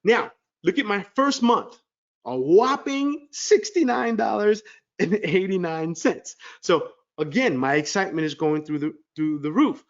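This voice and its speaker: A middle-aged man presenting an online class, telling a story to viewers with excited energy. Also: high voice, measured pace, lo-fi sound. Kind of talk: webinar sales pitch.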